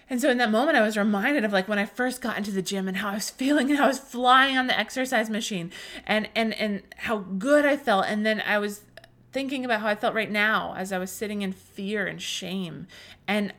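A young woman hosting a faith podcast tells a personal story earnestly and emotionally, with lots of restarts and fillers. Her voice is mid-range, brisk, and fairly bright.

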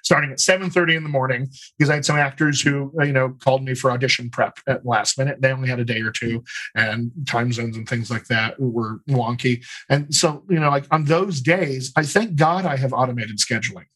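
A man with a General American accent and slight Colorado features, a dialect coach explaining his method in a calm, methodical interview. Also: mid-range voice, fairly quick, poor audio. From United States. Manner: explanatory, methodical, talks in lists. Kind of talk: conversational interview.

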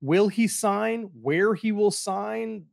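Steady, measured man breaking down stats. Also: sits high, gravelly, no echo, studio quality. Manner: measured, steady, fills with "uh" and "you know". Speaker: podcast co-host, analyst. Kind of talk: casual sports analysis.

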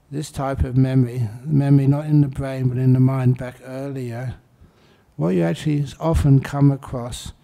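A man giving a dharma talk as a meditation teacher, telling stories in a relaxed, anecdotal way. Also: mid-range voice, creaky.

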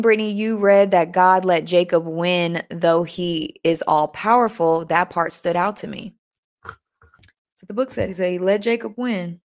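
A young woman hosting a motivational live chat, animated and talking straight to her listeners, often repeating herself. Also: medium pitch. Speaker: host.

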